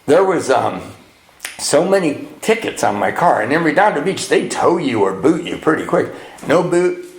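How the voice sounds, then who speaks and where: A middle-aged man from California speaking at a retreat, telling his recovery story to an audience with self-mocking humor and sudden jumps into high voices for the comic parts. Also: very animated, normal speed. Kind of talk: storytelling talk to a live audience. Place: retreat hall. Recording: echoey room.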